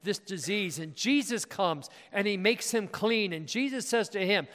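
A man's voice: high voice, lively intonation, moderate pace, hardly any pauses, a bit bright. A man preaching a sermon as pastor, asking his congregation questions and leaning hard on key words. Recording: long reverb of a large hall.

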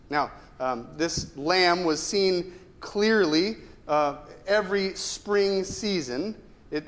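A man with a notably high-pitched voice delivers a sermon. He speaks conversationally, often posing rhetorical questions to the congregation and doubling back on a word now and then. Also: a bit bright. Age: adult with a ten-year-old son. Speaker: pastor.

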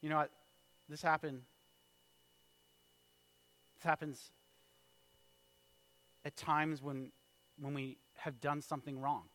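A man in his thirties preaching a sermon, telling a story with big swings from hushed lines to loud calls. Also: fairly high pitch, little pitch movement, slow, long pauses. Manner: storytelling with wide swings in loudness, from hushed to shouted. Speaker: pastor.

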